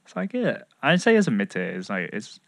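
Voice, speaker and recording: Man, medium pitch, dry close sound, easygoing casual podcast host. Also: huge pitch swings, creaky, dry recording. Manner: easygoing, leads the segment with quick agreements. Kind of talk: casual chat.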